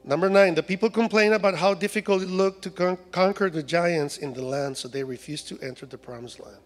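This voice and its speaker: A man's voice: high-pitched, fairly quick, in a large hall. A man from Mexico with a Mexican Spanish accent, preaching a humorous sermon in a church. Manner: humorous, acts out voices of complaining people. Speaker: guest preacher. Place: church sanctuary.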